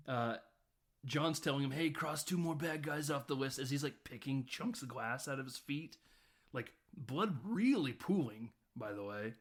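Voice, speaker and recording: Male podcast co-host, mid-pitch, loose rambling recap, lots of uhs and likes. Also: fairly bright tone. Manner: rambling recap with many fillers. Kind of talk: casual film discussion.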